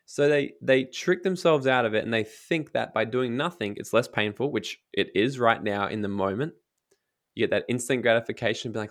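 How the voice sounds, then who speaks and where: A man's voice: medium pitch, moderate pace. Blunt, swearing motivational man. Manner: energetic, blunt, swears freely; acts out inner voices in quotes. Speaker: motivational speaker and coach. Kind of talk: casual podcast interview.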